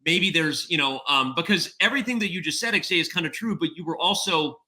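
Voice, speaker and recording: A man's voice: on the high side, expressive, fast, sharp tone. A middle-aged man talking as a guest on a podcast, in casual chat, thinking aloud and checking in with "right?" after his points. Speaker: podcast guest, chess executive.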